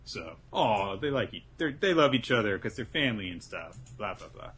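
Podcast host, man, lowish voice with a bright edge, animated storyteller. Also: moderate pace, a little hiss or hum. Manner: animated retelling, acting out quotes. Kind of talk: casual podcast recap.

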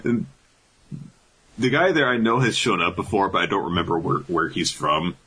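A man's voice: deep voice, expressive, normal speed, sharp tone, breathy edge, rough recording. A man casually recapping an anime episode with a co-host, joking, swearing and laughing often. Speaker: podcast co-host. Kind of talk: casual comedic recap chat.

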